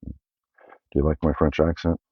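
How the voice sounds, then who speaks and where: A man's voice: very deep voice, normal speed, slightly rough, dry recording, highs cut off. A Canadian man hosting his own channel, casually rambling through his film collection with many fillers and self-corrections.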